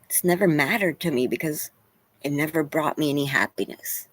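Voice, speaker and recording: A woman's voice: sits low, moderate pace, dry recording. Tearful woman rambling to her viewers. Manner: rambling, tearful, self-deprecating, with many "you know"s. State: crying at times. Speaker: vlogger. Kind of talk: emotional venting to camera.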